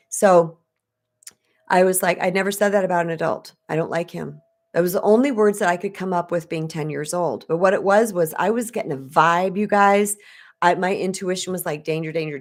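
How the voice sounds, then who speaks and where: A woman in her fifties from the United States speaks to her live audience as a spiritual coach. Her voice sits a little low. She talks in a candid, chatty way and slips into the voices of the people she quotes. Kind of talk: live-streamed personal storytelling to viewers.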